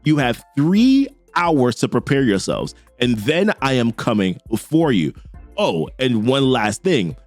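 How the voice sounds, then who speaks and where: A man voicing a menacing adult male big-game hunter villain, taunting in a slow, deliberate way. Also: medium pitch, big pitch swings, no echo, soft background music.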